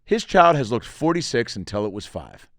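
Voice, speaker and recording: A man's voice: mid-range voice, very animated, moderate pace, dry recording, studio quality. A man hosting a podcast, riffing in a rambling, self-interrupting comic monologue. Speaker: podcast host and comedian. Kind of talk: casual comedic monologue.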